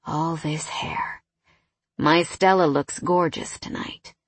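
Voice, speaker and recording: A woman voicing an affectionate, teasing young man who speaks low and intimately, in a storybook read with a husky voice. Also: unhurried, no room sound.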